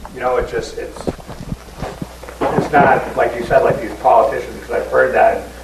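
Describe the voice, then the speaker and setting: A man in a discussion group sharing a personal story, halting, with many fillers and restarts. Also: mid-range voice, fairly even intonation, gravelly. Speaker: group member. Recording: roomy and distant with background noise.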